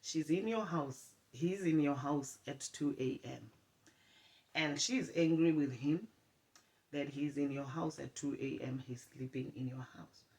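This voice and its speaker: Lady playing a no-nonsense pastor, firm and lecturing, gravelly and unhurried. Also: low voice, a little mellow. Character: stern, no-nonsense church pastor.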